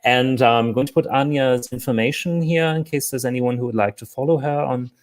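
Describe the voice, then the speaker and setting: A man hosting an online comedy show from home. He rambles and stops often, mocking himself as he goes. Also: medium pitch. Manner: rambling, halting, self-mocking. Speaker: host. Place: home, on a livestream call.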